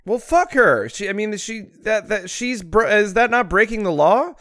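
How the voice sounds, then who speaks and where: A man co-hosting a podcast in casual banter, crude and quick to get outraged. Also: sits high, very animated, fairly bright tone, dry recording, clean studio sound. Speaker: podcast co-host.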